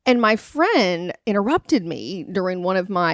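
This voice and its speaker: A woman's voice: mid-range voice, animated, a little slow, few pauses, no room sound. Earnest woman podcaster, dry close sound. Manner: earnest and confiding. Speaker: podcast host. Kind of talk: personal storytelling.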